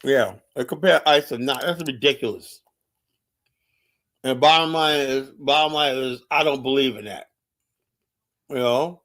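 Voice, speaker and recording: Here the male livestream host speaks a little slowly in a mid-range, fairly bright voice, pausing often. His political monologue is heated, combative, and profane, full of repeated phrases and direct challenges to viewers.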